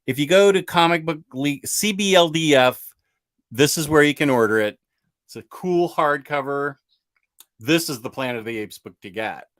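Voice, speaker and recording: A man's voice: on the high side, moderate pace, fairly bright tone. A man hosting a comic book channel, chatting casually and enthusiastically, rambling and answering viewer comments. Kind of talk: casual livestream chat.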